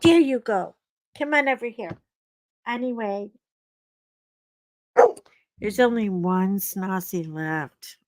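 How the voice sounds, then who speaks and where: A woman's voice: mid-range voice, slow, pauses often, no echo. A woman hosting a casual livestream from home while coloring, rambling chattily and breaking off to talk to her dogs, on a desk mic. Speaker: livestream host.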